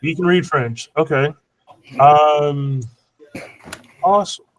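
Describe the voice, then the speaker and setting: A male teacher leading an online lesson at an unhurried pace, stopping often to check that students follow. His voice sits a little higher than most men's. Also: rough recording. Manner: patient, checks for understanding. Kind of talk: online class instruction.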